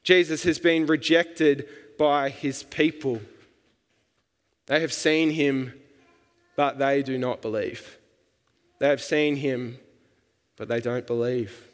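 A man preaching a sermon in a relaxed, colloquial way, with casual asides. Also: medium pitch, takes it slowly, long pauses. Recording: long hall reverb.

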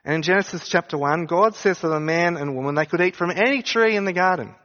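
A man's voice: high-pitched, fast talker, fairly bright tone, big-room sound, lo-fi sound. A man preaching a sermon, speaking conversationally and asking his listeners rhetorical questions. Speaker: pastor.

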